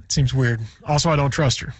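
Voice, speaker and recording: A man co-hosting a radio show, trading quick wry remarks in casual banter. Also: mid-range voice, fairly even intonation, slightly rough, no echo. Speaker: radio co-host.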